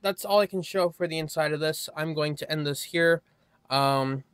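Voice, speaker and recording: A tired young man giving a casual, rambling hardware walkthrough, halting often with fillers as he moves around the camera mic. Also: fairly high pitch, fairly even intonation, a bit bright, clear, resonant tone, dry recording. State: tired, yawning. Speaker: tech hobbyist vlogger.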